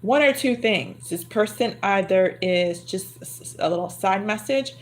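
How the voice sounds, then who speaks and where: A woman's voice: mid-range voice, measured pace. A woman giving a livestream tarot reading, chatty and murmuring to herself as she repeats her phrases. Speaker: tarot reader. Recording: card shuffling clearly audible.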